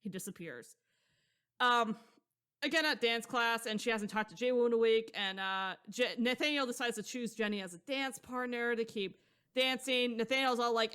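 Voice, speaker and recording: Rambling, slangy woman with a slightly high voice. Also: moderate pace, fairly bright tone, clear, resonant tone. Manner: rambling and slangy, with frequent profanity; laughs often while telling the story. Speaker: podcast co-host. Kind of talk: casual chat recapping a novel.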